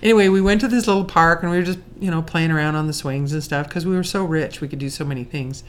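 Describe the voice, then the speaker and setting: A woman's voice: deep voice, quick pace, a little hiss or hum. A woman telling a personal story in a chatty, self-mocking way, often laughing and acting out what people said. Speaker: storyteller recalling her courtship.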